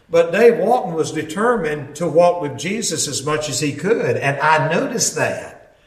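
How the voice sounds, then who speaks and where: A man preaching a testimony as a folksy storyteller, acting out quotes with sudden shouts. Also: fairly high pitch. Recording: echoey hall, mic far off.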